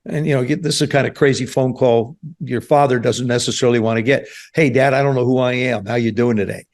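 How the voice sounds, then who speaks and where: A man in his seventies from New Jersey, a guest telling stories in an animated way on a podcast. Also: medium pitch, fast. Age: 70s. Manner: animated storyteller, acts out quoted voices. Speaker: guest, former quarterback. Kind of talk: storytelling interview. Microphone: podcast studio mic.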